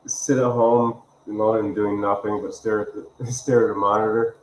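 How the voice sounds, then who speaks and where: A man's voice: fairly low pitch, little pitch movement, normal speed. A man chatting as a guest on a live stream, laid-back and rambling, trailing off mid-thought. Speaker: livestream guest. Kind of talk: casual live chat. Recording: echoey room, faint background noise.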